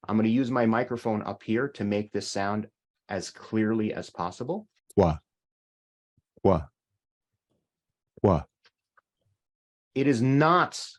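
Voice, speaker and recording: Animated man teaching a language lesson. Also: on the low side. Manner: animated, explains slowly and repeats sounds.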